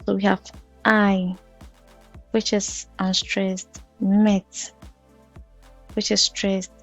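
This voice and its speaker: A woman teaching a poetry lesson for exam students, explaining step by step in a measured way with occasional fillers. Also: medium pitch, level tone, fairly bright tone. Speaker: literature teacher. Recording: dull lo-fi audio with faint music.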